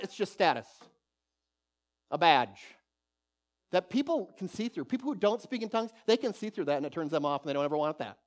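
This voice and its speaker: High-voiced man preaching a sermon. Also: normal speed. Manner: exhorting, animated, repeats key phrases. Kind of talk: sermon teaching.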